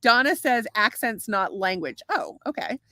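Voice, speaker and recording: A woman's voice: a little high, lively intonation, moderate pace, pushed and bright, dry recording. A woman co-hosting a casual podcast, reading out viewer comments in a playful, profane way. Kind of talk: casual chat.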